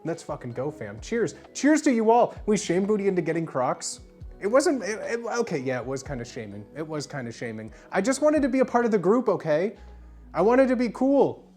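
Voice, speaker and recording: A tipsy livestreamer chatting casually with viewers from home, breaking into loud excited yelps and shouts. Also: mid-range voice, a little fast. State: tipsy from drinking. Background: music playing.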